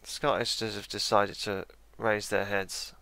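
A man's voice: fairly low pitch, flat delivery, slow pace, vocal fry, pushed and bright, no room sound. A man musing aloud while playing a strategy game, correcting himself and adding dry asides. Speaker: let's play gamer. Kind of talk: casual game commentary.

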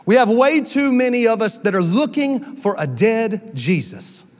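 Man, pastor preaching, high-pitched, reverberant hall. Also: soft background music. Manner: animated, emphatic preaching with quick asides and repetition. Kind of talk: sermon. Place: church sanctuary.

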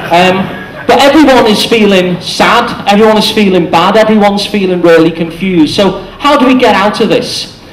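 A man gives a short public talk in a chatty, explanatory way. His voice sits fairly high, and he speaks from the front of a cafe venue. The room adds a noticeable echo. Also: moderate pace. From England. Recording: echoey room.

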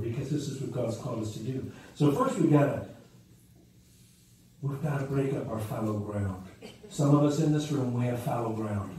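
A pastor delivers a sermon full of stories, his emphasis swelling and easing as he goes. His voice is mellow and mid-range, at a moderate pace. The recording sounds distant, in an echoey room with faint ambient noise.

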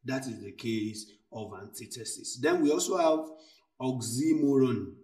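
A man teaching a literature lesson, who speaks slowly and repeats key phrases and examples. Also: mid-range voice, mellow, far from the mic. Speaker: literature tutor. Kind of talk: recorded lesson. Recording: echoey room, voice from afar.

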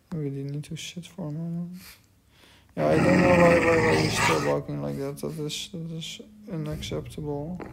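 A gaming commentator offers casual commentary, talking to the in-game dogs, sounding puzzled and mocking himself. His voice is a little high and creaky, against loud background noise.

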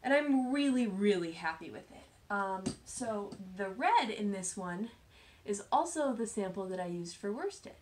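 A woman's voice: mid-range voice, animated, measured pace, a little hiss or hum. Chatty woman hosting a knitting show. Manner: chatty, self-deprecating, drops to soft asides. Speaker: knitting podcast host. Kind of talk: casual show-and-tell chat.

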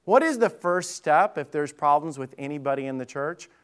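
A man's voice: a little high, expressive, normal speed, fairly bright tone, clean tone. A male pastor preaching to his congregation in a church, talking conversationally, repeating himself and putting questions to the listeners. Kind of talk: sermon. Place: church sanctuary.

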